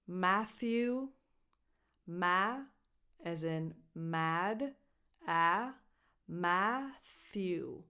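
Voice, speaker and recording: Woman coach, deliberate pace, breaks words into syllables for learners. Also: medium pitch, fairly bright tone. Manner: slow, careful, repeats words syllable by syllable. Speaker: English pronunciation coach. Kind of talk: pronunciation lesson to camera.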